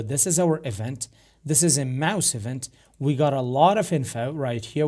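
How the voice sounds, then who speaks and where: Man, programming instructor, rough gravelly voice, stop-start step-by-step explaining. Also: mid-range voice, dark tone. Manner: explains step by step with frequent fillers and restarts. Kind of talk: screen-recorded coding tutorial.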